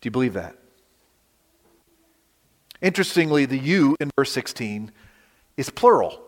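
A man with a Western Pennsylvania accent, preaching a sermon as pastor, animated with rhetorical questions and dramatic pauses. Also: mid-range voice, in a large hall. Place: church sanctuary.

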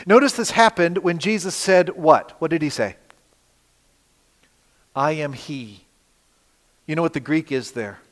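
A man preaching a sermon, dramatic, with rhetorical questions, swinging between loud emphasis and quiet asides. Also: on the high side. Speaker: pastor. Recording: long reverb of a hall.

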